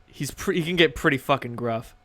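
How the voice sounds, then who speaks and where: A man's voice: on the high side, a little fast, a bit bright, no echo. A man narrating as game master in a casual, joking manner, often stumbling over his words.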